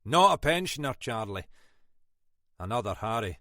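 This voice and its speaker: A man reading an audiobook, voicing a shrewd older Scottish detective inspector in a dry, probing, quietly commanding manner. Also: medium pitch, sing-song, moderate pace, dry recording. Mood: brisk.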